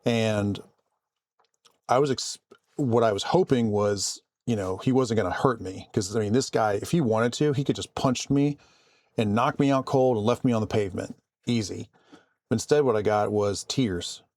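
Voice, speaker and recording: Brief: laid-back man, lowish voice, dry close sound, easygoing storytelling. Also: normal speed, dry recording. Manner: calm, conversational, frequent restarts. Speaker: vlogger and IT support worker. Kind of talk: casual storytelling to camera.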